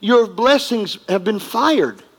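A man's voice: high-pitched, expressive, slow pace, slightly rough. A man preaching a sermon as pastor, emphatic and repetitive, leading the congregation in call-and-response. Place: church sanctuary. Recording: long hall reverb.

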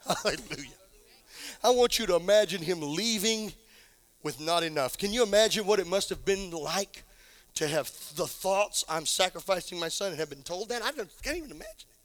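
A male pastor delivering a sermon in a high, bright, ringing voice. He sinks into quiet, low passages, then climbs back up to fervent shouts. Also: expressive, brisk, no echo. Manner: preacher building to shouted exclamations; drops to a low hush for emphasis.

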